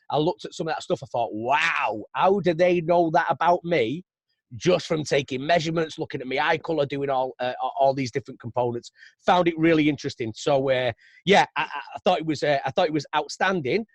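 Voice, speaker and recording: This Manchester-accented man hosts a podcast, keeping the interview casual, easygoing and chatty, with frequent laughter and plenty of fillers. His voice is a little high and brisk, with no room sound.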